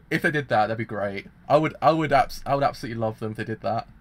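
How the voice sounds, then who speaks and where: A man streaming a live anime reaction, gushing and excitable, with many restarts and fillers. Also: medium pitch. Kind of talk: casual live reaction commentary.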